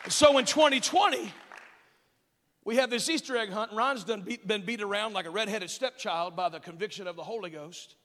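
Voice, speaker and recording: A male pastor with a high, bright, ringing voice preaches a storytelling sermon in a church sanctuary. He swings from booming, shouted peaks down to hushed, quiet asides. The sound carries a long, echoing reverb from the large hall. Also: fairly quick, hardly any pauses, some chatter behind.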